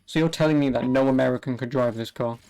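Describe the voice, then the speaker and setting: A man's voice: medium pitch, steady tone, quick pace, darkish tone. Chatty young man, rambling. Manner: rambling, chatty, swears casually. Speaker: streamer. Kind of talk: casual gameplay commentary.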